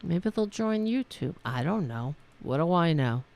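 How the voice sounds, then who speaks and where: A woman hosting her own talk show, chatting loosely as she signs off, her voice worn and going hoarse. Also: on the low side, sing-song, a little slow, a little mellow. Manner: rambling, chatty, trails off and restarts. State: losing her voice. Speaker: podcast host. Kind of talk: casual talk show sign-off.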